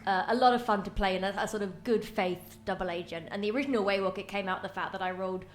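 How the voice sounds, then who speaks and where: A woman's voice: medium pitch, fast, echoey room. Rambling British woman on a panel. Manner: rambling, full of filler and self-correction. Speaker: player on the panel. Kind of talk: live stage Q&A. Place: small theatre with a live audience.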